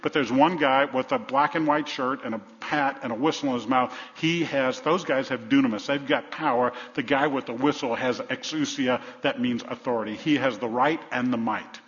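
A man preaching a sermon as pastor, repeating phrases for emphasis and dropping from loud to hushed. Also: medium pitch, normal speed, hardly any pauses. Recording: reverberant hall, dull sound.

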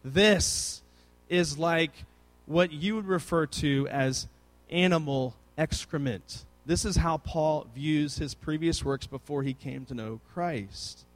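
A man's voice: fairly high pitch, slow. A man in his thirties preaching a sermon, telling family stories with playful asides and acting out his children's voices. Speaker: pastor.

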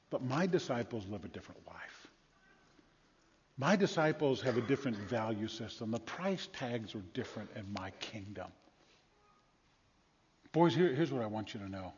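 A man preaching and voicing a calm teacher who gently corrects his followers in a quiet, measured way. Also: medium pitch, slight background noise, pitched below the performer's own voice, close to an everyday voice. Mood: gentle, grave. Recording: dull lo-fi sound with long hall reverb.

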